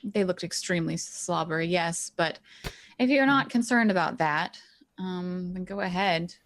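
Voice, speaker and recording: A woman's voice: on the low side, moderate pace. A woman playing a tabletop game, speaking in a dry, wry way. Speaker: player. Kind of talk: tabletop role-play.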